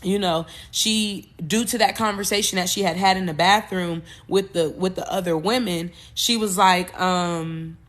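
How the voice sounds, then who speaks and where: A woman hosting a podcast, retelling a movie plot in a loose, animated way, with cursing and frequent self-corrections. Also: on the low side, a little slow, few pauses. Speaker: podcast host.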